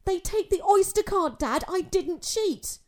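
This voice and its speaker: A woman's voice: very high voice, expressive, unhurried, pitched above the performer's own voice. A woman reading the part of an earnest, literal-minded teenage boy who speaks plainly and insists on the facts. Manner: plain, matter-of-fact, insistent.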